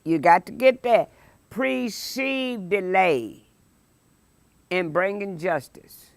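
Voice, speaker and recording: Recorded dry, a woman pastor with a medium-pitched voice gives a midweek Bible study sermon. She preaches with emphasis, lengthens and stresses key phrases on purpose, and reads scripture forcefully and dramatically.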